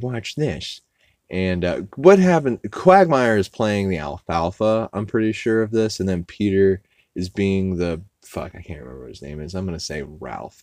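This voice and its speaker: Rambling podcast guy, lowish voice. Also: a little mellow, dry recording, studio quality. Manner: rambling, loose, with profanity and frequent fillers; acts out characters' lines in higher voices. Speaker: podcast host. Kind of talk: casual episode recap.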